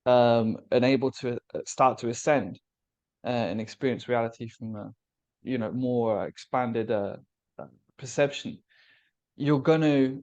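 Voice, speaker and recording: A man talking through big spiritual ideas on a podcast, in a mid-pitched voice. He muses aloud in a loose, philosophical way and breaks into easy laughter. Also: unhurried, darkish tone, muffled recording. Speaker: podcast co-host. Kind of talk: casual spiritual podcast discussion.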